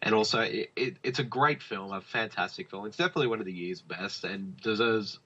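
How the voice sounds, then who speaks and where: Husky forceful man, lo-fi. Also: on the low side, fairly quick. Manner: rambling, many fillers and restarts. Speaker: podcast co-host. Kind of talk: casual film review chat. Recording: dull lo-fi podcast audio.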